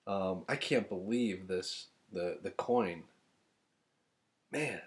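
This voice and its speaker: A man unboxing gifts from fans at home, talking casually and rambling, getting excited and cracking self-deprecating jokes. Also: low-pitched, slow pace, background noise. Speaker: author unboxing fan gifts. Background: thunder and a dog's collar.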